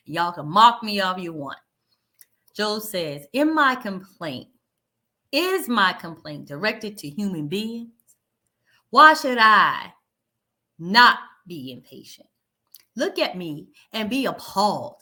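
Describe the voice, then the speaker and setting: A woman leading a Bible study, reading verses aloud and explaining them in a conversational, animated way. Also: mid-range voice. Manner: animated, conversational, laughs lightly, paraphrases verses in everyday speech.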